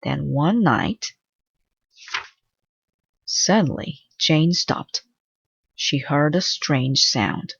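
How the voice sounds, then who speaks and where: A woman reading a children's storybook aloud in a slow, clear read-aloud manner. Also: sits low, big pitch swings, a bit bright, no echo, muffled recording. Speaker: storybook reader.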